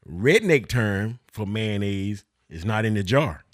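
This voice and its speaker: A middle-aged man, a father co-hosting a podcast, talking in casual chat with drawn-out phrasing and loud laughter. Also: fairly low pitch, animated, no echo, clean studio sound.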